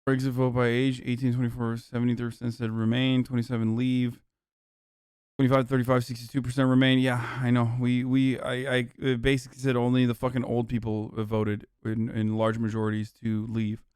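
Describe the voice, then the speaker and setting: A man's voice: mid-range voice, monotone, fairly quick, darkish tone, smooth, no echo, clean studio sound. A man giving casual live-stream commentary, blunt and offhand and swearing freely, into a desk microphone. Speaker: livestreamer.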